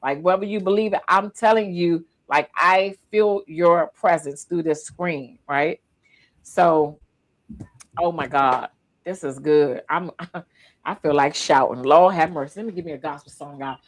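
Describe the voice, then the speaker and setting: A woman hosting a casual livestream podcast, lively and emotional, teary-eyed as she talks. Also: deep voice, unhurried. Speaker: podcast host.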